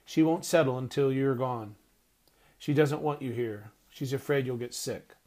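A man reading an audiobook voicing a kind, protective woman who speaks gently and calmly. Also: mid-range voice, measured pace, close to an everyday voice. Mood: gentle. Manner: gentle and calming.

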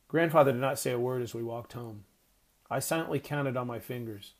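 A man reading a story aloud as narrator, steady and measured. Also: medium pitch. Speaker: audiobook narrator. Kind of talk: scripted narration.

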